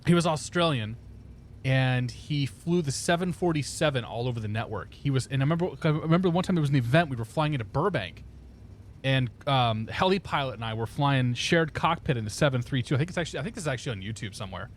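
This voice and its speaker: A man's voice: medium pitch, expressive, quick pace, slight background noise. Chatty man streaming a flight sim. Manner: chatty, laughs often, talks through cockpit steps. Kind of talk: casual live-stream chat.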